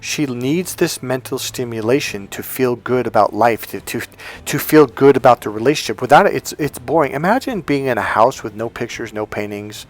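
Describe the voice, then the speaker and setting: A man's voice: mid-range voice, lively intonation, normal speed. A man giving a casual dating-advice monologue to camera, emphatic and repetitive, acting out little example lines. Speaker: dating coach.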